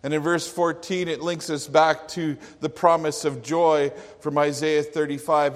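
A man's voice: on the high side, flat delivery, measured pace, hardly any pauses. A man preaching a sermon in an earnest, emphatic manner. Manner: earnest, emphatic, with acted quotes. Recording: long hall reverb.

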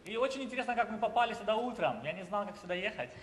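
A man's voice: high voice, lively intonation, rapid-fire, in a large hall, background noise. A Ukrainian man from Ukraine speaking at a church, joking and prompting his wife to translate for him.

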